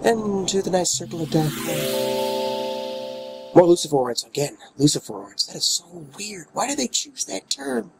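A man records a let's play in a room at home, his dogs close by, chatting playfully about the game, cooing baby talk to his character, and alternating between mutters and exclamations. His voice sits high and creaky with big pitch swings at a normal speed, with music underneath.

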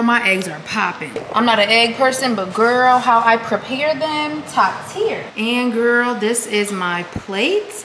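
Brief: young woman vlogger, bright voice, chatty and familiar, with a faint hum of home ambience behind her. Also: mid-range voice. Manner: chatty, calls viewers "girl" and "y'all". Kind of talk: casual chat to camera. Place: home, kitchen and bedroom.

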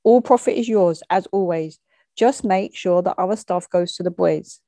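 A woman voicing a grown male drug dealer with an Italian accent, easy and joking on top with a quiet threat under it, while reading a short story aloud. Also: fairly low pitch, moderate pace, no room sound, studio quality, close to an everyday voice. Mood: smooth, menacing. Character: menacing male drug dealer, grown man, laughing then cold.

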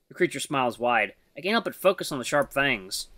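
A game streamer reading the narration of a visual novel aloud in a lowered, steady voice. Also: brisk, no echo.

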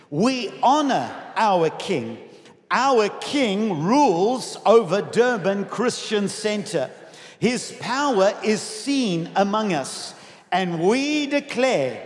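A pastor preaching a sermon with passion, often shouting and leading his congregation in declarations. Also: sits high. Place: large church dome. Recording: long hall reverb.

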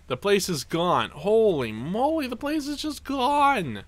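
A young man giving excitable let's play commentary, narrating his own moves with dramatic panic. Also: high-pitched, slow. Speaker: gameplay commentator.

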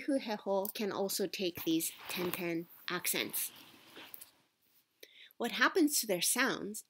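A woman gives a language lesson at a slow, unhurried pace. Her voice sits a little low for a woman. She explains step by step, pausing on fillers and checking in with "right?". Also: fairly bright tone. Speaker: Japanese teacher.

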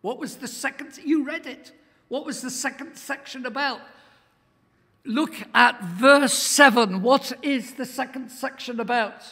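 A man preaching a sermon as a guest speaker in a church. He is emphatic, swells to near-shouts and asks the congregation questions. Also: extremely high pitch, unhurried. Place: church hall. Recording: long hall reverb.

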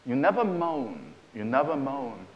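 A man's voice: mid-range voice, big pitch swings, measured pace, dull audio, pitched below the performer's own voice. A man voicing a sheepish husband confessing to his wife, in a joke told on stage. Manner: apologetic, confiding. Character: sheepish middle-aged husband.

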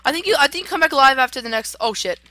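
A young woman hosting a casual game playthrough, excitable, swearing and yelling at the game. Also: high-pitched, racing, background noise. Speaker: gaming channel host. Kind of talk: casual let's-play chat.

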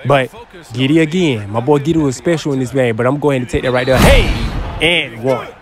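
A young man giving casual, excitable gameplay commentary, trash-talking and breaking into loud yells. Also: mid-range voice, fast talker. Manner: excitable trash talk, bursts into yelling. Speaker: gaming YouTuber.

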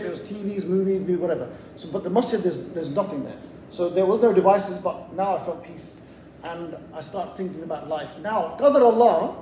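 A man's voice: high voice, a little mellow, a little hiss or hum. A man from England giving a motivational lecture to young people in a community hall, telling a casual story with lots of asides. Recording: echoey hall, voice heard from a distant mic.

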